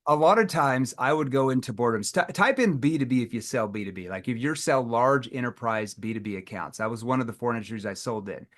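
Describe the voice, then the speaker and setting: A man's voice: mid-range voice, brisk, hardly any pauses. A man teaching a live sales training, talking casually and acting out playful lines he uses with prospects. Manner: animated, acts out playful quotes.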